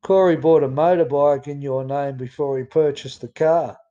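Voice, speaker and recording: A man voicing his gruff, curt father who swears and brushes him off. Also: on the high side, fairly even intonation, normal speed, dark tone, lo-fi sound, natural voice. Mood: flat. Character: gruff blunt older father, male.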